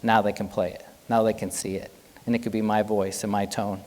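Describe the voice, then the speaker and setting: Male physician, keynote speaker, casual and lively, roomy hall reverb. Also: on the low side, brisk. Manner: animated, conversational, jokes with the audience. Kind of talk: conference keynote talk. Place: large hotel conference hall.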